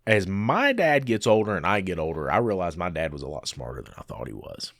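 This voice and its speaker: Male podcast co-host, lively storyteller with a swinging pitch, dry close sound. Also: brisk, gravelly, dry recording. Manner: animated storyteller who acts out quoted people. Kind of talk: casual podcast chat.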